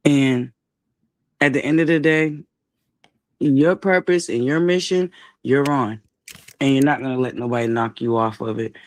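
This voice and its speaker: A man joining a livestream as a guest, speaking earnestly and warmly praising the host in a preacherly way. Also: medium pitch, a little slow, long pauses, no room sound. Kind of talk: encouraging livestream talk.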